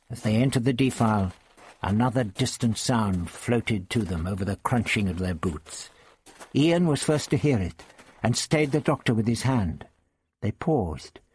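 Expressive male audiobook narrator. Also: fairly low pitch, measured pace, breathy edge.

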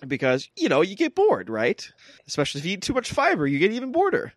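A man co-hosting a podcast in casual comedic chat, joking and acting out quotes in high voices. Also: fast, no echo, clean studio sound. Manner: animated, jokey, acts out quotes in high voices. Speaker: podcast co-host.

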